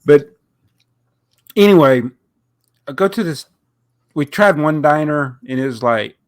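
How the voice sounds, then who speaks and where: A man's voice: mid-range voice, normal speed, pauses often, clear, resonant tone, no room sound, studio quality. A man with a nasal, stuffed-up voice, recovering from a cold, telling a rambling story on a casual podcast with frequent laughs. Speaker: podcast co-host. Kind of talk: casual chat.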